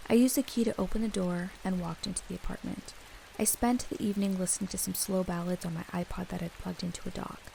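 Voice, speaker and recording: Gravelly-voiced woman narrating a story. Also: on the low side, fast talker, a little hiss or hum, low-quality recording. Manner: steady storytelling read. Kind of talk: scripted first-person horror narration.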